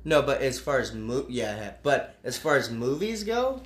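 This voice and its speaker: A man's voice: medium pitch, big pitch swings, moderate pace. A man co-hosting a podcast, chatting casually about a horror movie, joking, swearing and acting out the characters' lines. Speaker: podcast co-host. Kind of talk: casual movie review chat. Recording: roomy echo.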